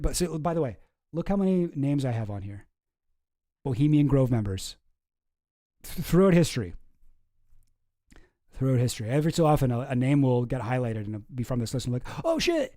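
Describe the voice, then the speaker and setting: A wry, rambling man riffs casually on cartoon captions, his voice a bit higher than most men's and mellow in tone. He is recorded close and dry, with no room sound, as if at a home desk. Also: no echo. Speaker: host. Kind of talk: casual commentary reading cartoons aloud.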